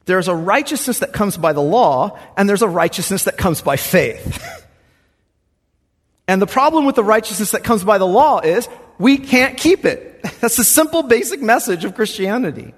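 Husky, animated preacher in a hall. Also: male voice, sits high, moderate pace. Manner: earnest, conversational preaching with dramatic quoted voices. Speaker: pastor. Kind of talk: sermon.

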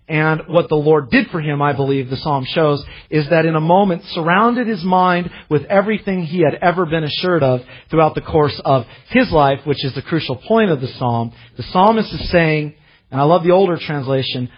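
A pastor preaching a sermon in an earnest way, rising to impassioned readings of scripture. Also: male voice, a little high, moderate pace, husky, dull audio.

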